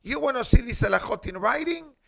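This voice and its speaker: A man's voice: very high voice, expressive, a little fast, vocal fry, sharp tone. A man giving a class as a rabbi in a synagogue, teaching in an emphatic way, quoting Hebrew and asking rhetorical questions. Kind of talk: halakha class.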